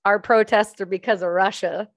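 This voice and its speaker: A woman's voice: mid-range voice, steady tone, moderate pace, no room sound, studio quality. A woman hosting a podcast, interviewing a guest in an enthusiastic, conversational way. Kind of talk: casual interview.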